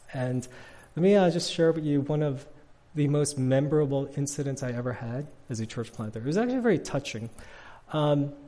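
A middle-aged man giving a casual, conversational sermon with lots of fillers, loudly acting out the people in his stories. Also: mid-range voice, in a large hall. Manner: casual, chatty, frequent fillers, acts out quotes loudly. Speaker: guest preacher.

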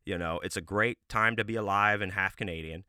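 Bright-voiced man, deadpan comic podcaster. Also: on the low side, fairly quick, smooth, dry recording, clean studio sound. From United States. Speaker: podcast host. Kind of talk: comic storytelling monologue.

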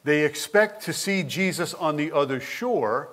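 A man preaching a sermon as pastor, with an expressive, animated delivery who asks his listeners questions directly. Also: a little high, unhurried.

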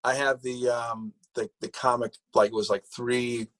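A man's voice: mid-range voice, flat delivery, normal speed, fairly bright tone, low-quality recording. Rambling man in casual chat. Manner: rambling, restarts a lot.

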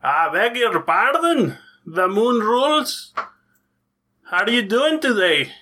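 A man voicing a gentle, human-sized male duck who is a school counselor, in a put-on Scottish accent and a soft, coaxing, fatherly manner. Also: sits high, very animated, slow, pitched above the performer's own voice, full character voice. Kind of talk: tabletop role-play character voice.

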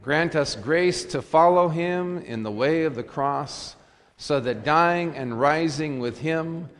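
Man reading scripture in a reverberant sanctuary. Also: mid-range voice. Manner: measured, deliberate reading cadence. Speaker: pastor leading worship. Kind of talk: liturgical scripture reading and prayer. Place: church sanctuary. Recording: long reverb of a church sanctuary.

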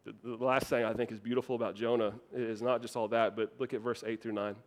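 A man's voice: medium pitch, flat delivery, fast. A young adult man preaching an earnest, emphatic sermon, repeating phrases for weight and often restarting his words. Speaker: pastor.

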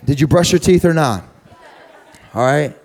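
A young man preaching a sermon through a funny personal story, chatty and repetitive, building to loud preaching. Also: fairly high pitch, normal speed, creaky, some chatter behind. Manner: conversational, humorous, repeats words, rises to loud preaching.

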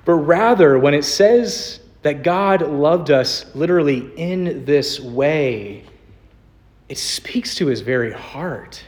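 A young man preaching a sermon in a church, earnest, slowing down to stress quoted scripture. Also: fairly high pitch. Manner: earnest, varied emphasis, slows on quoted scripture. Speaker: pastor. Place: church sanctuary.

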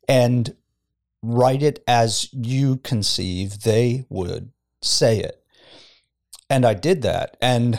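A middle-aged pastor with a medium-pitched, darkish voice reflects during a casual studio podcast conversation. He often chuckles as he tells a story.

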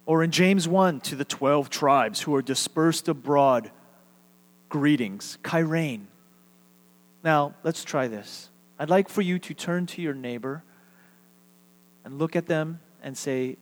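In a reverberant church sanctuary, a man from Texas delivers a sermon as pastor. He keeps it conversational and unhurried, with a fairly high-pitched voice, drawing the congregation into call-and-response.

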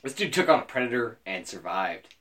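A man co-hosting a podcast, arguing a playful movie-character matchup in jokey, profane casual banter. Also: a little fast. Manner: animated, swearing, jokey, jumps high in pitch when excited. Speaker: podcast co-host.

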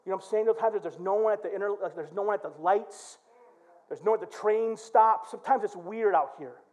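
A male pastor from Michigan preaching in church, telling a story with lively acted-out quotes and shouts. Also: high-pitched, fast. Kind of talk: sermon.

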